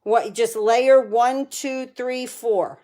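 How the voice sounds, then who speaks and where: A woman's voice: a little high, slow, dark tone. Woman, crafting demonstrator on a live stream, chatty and enthusiastic, talks viewers through each step. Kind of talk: live card-making demo.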